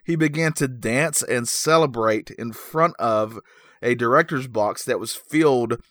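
A man's voice: mid-range voice, a little slow, a bit bright, no room sound. A man co-hosting a podcast in casual chat, telling a story in an easygoing, self-deprecating way with lots of fillers. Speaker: podcast co-host.

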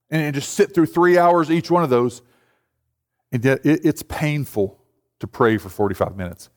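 A man with a high voice preaches to his congregation in a loose, conversational way, slipping into quoted voices along the way. His words ring out with a long reverb from the church hall. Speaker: pastor. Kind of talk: sermon. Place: church sanctuary.

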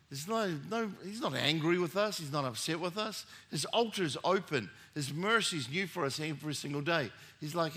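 Middle-aged male pastor, bright forceful tone, chatty storytelling sermon with emphatic bursts. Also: on the high side, lively intonation, moderate pace. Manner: conversational storytelling with rising emphatic peaks.

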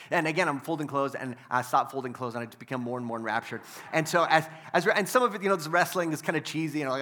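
A man preaching a sermon, telling a story casually and then building to loud, emphatic preaching. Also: fairly high pitch, fast talker, few pauses. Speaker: pastor.

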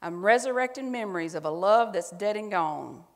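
A heartbroken country singer in a broad, exaggerated Southern twang, put on by a woman preacher. The lines come out loud and drawn out, with a long reverb trailing after them as in a big sanctuary. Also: mid-range voice, animated, normal speed, close to an everyday voice. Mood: mournful drawl. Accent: exaggerated American Southern. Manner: spoken lyrics in a broad twang, louder than her usual talk.

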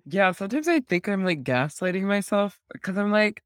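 A man's voice: high voice, expressive, moderate pace, smooth, no room sound, studio quality. A man hosting a casual podcast interview, talking in a chatty, self-deprecating way with lots of "like" fillers. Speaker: podcast host.

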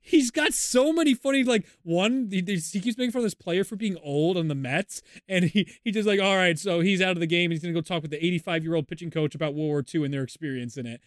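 A man co-hosts a podcast in loose, casual chat, with a fairly high voice. He rambles and laughs often, and the sound is dry and close to the mic. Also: quick pace, few pauses, dry recording. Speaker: podcast co-host.

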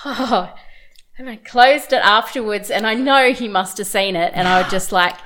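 A young woman trades stories on a casual podcast. She talks in a chatty way, breaking into giggles. Her pitch is in the middle range. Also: normal speed, fairly bright tone, slight background noise. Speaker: podcast co-host. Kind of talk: casual chat.

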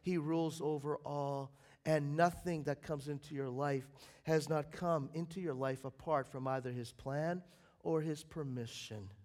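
A man preaching a sermon as pastor, swinging between loud emphatic bursts and quiet, low passages. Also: steady tone, unhurried. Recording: long hall reverb.

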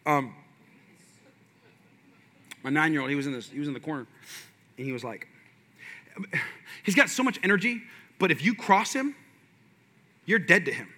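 A man's voice: fairly high pitch, lively intonation, normal speed, long pauses, bright, forceful tone. A man in his thirties preaching a sermon with passion and energy, mixing in folksy asides. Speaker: pastor.

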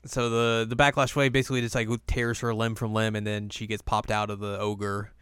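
A man co-hosting a casual chat, recapping episodes in a playful way with quick silly voices. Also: lowish voice, level tone, a bit bright, smooth, dry recording, studio quality. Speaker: podcast co-host recapping an anime.

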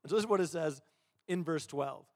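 A man's voice: a little high, fairly quick, studio quality. A male pastor preaching a sermon in a church auditorium. He talks in a conversational, self-deprecating way and often repeats words as he restarts. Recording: long hall reverb.

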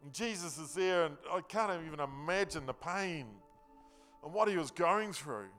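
A man's voice: on the high side, animated, normal speed, fairly bright tone, soft background music. A man preaching a sermon, telling the story earnestly and emphatically in a loose, conversational way with casual slang.

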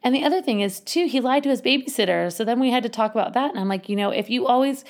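A woman's voice: on the high side, fast. A woman who works with children, telling a story casually and animatedly, acting out voices and laughing often.

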